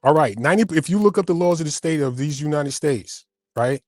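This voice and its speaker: A man arguing on a panel, slightly high in pitch, who stammers and repeats himself as he gets emotional. The sound is dry and close, with faint music underneath. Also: animated, a little fast, no echo. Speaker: panel guest. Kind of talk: heated panel debate.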